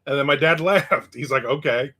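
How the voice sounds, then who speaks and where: A man's voice: on the high side, normal speed, pushed and bright. A man in his fifties hosting a casual livestream, reading comments with rambling, joking remarks and chuckles. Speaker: host.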